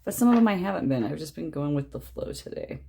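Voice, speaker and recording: Low-voiced woman, husky and gravelly, chatty tarot reader, relaxed and rambling. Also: fast talker. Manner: chatty, rambling, drops to a whisper at times. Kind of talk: casual tarot reading to camera.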